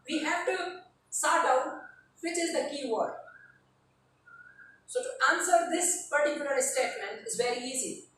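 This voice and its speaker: A high-voiced woman lectures on writing, heard from some distance away. The room is very echoey and has a faint hiss behind her. She explains each step plainly and repeats the key terms. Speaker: writing teacher. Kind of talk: classroom lecture.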